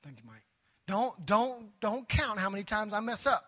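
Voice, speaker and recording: A male pastor preaching to a big church crowd, his voice pitched high and ringing bright. He keeps prompting the people in the pews to talk back. His voice is wearing thin from preaching. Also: lively intonation, normal speed. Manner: preaching with call-and-response prompts to the congregation. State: voice tiring, near hoarse. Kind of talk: sermon. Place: church sanctuary before a large crowd.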